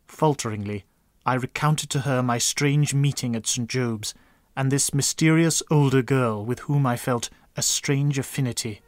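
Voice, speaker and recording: A man narrating a comic story with a dry, deadpan delivery. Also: mid-range voice, dry recording.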